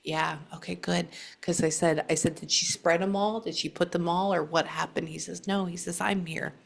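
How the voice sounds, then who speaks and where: A woman psychic medium in a spirit reading session with a client, speaking in an earnest, reassuring way, with frequent halting pauses and asides as she relays messages. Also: lowish voice, fairly even intonation, gravelly.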